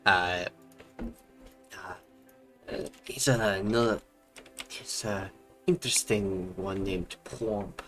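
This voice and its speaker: A man narrating as game master of a tabletop game, halting with many fillers. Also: lowish voice, fairly bright tone, faint music behind. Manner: halting, many fillers, chuckles between lines.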